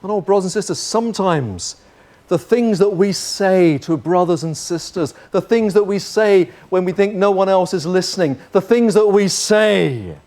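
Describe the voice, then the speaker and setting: A man preaching a sermon as pastor, earnest, moving between forceful lines and hushed ones. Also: sits high, moderate pace.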